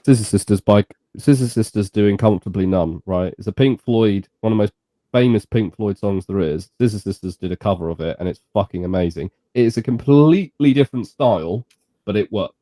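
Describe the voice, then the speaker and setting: A man's voice: fairly low pitch, a little fast, mellow, no room sound, studio quality. A man co-hosting a casual music review chat, opinionated and swearing freely. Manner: opinionated, swears, trails off and restarts. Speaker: podcast co-host.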